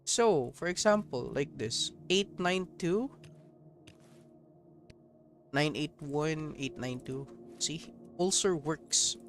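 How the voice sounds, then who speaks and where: A man's voice: a little high, lively intonation, takes it slowly, pauses often, a little hiss or hum. A man streaming a mobile game, giving casual, joking commentary to his viewers. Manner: joking, profane, talks to viewers as homies.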